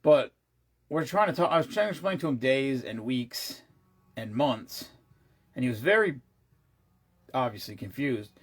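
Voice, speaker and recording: A man's voice: mid-range voice, lively intonation, unhurried, long pauses, breathy edge. A tired man chatting casually to his viewers, rambling with many restarts and asides and the odd swear word. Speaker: vlogger. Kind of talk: casual chat.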